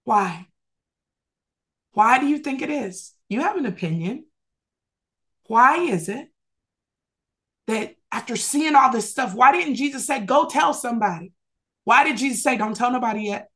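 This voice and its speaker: A woman's voice: fairly high pitch, expressive, a little slow, pauses often, fairly bright tone. A woman teaching a Bible study over a video call, preaching fervently in rhythmic, repeated phrases and calling on listeners to respond. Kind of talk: sermon-style Bible teaching.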